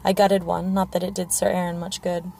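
A gruff, scarred warrior, curt and blunt, growling in a low, gravelly tone, as a woman reads him. He keeps his words short and flat. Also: brisk, a little hiss or hum.

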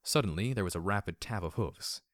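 A man's voice: deep voice, fairly quick, no echo. A man reading first-person fiction aloud as an audiobook narrator, reflective with a dry, sardonic edge.

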